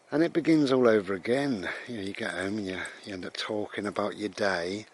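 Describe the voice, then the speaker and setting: A man's voice: fairly low pitch, a little fast, hardly any pauses, slightly rough. A British man rambling conversationally about mindfulness, with frequent restarts, as he walks his dog outdoors. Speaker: vlogger. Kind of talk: casual spoken reflection on mindfulness.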